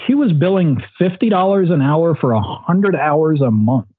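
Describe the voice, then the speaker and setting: A blunt man with a slightly high, husky voice chimes into a casual, profane chat, quoting people as he goes. His voice comes through thin and tinny, like a phone line. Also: expressive. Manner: quick, blunt, chimes in, quotes others. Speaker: podcast co-host.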